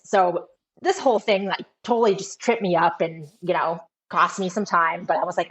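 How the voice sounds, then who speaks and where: A woman's voice: lowish voice, a little fast, a bit bright. A woman telling a running story in casual chat, full of fillers. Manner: chatty storytelling with many fillers. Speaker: guest runner. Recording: dull lo-fi sound.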